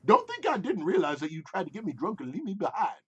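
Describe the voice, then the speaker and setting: A man voicing a cranky older male explosives handler, complaining in a gruff drawl. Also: sits high, wildly swooping pitch, fast talker, dull audio, voice pushed up, heavily acted. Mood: indignant.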